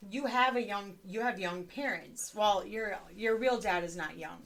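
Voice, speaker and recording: A woman's voice: mid-range voice, unhurried, gravelly, a little hiss or hum. A woman in her forties chatting candidly with her daughter on a podcast, swearing freely and laughing often. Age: 40s. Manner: candid, profane, laughing, rambling. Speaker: podcast co-host, mother. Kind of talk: casual chat.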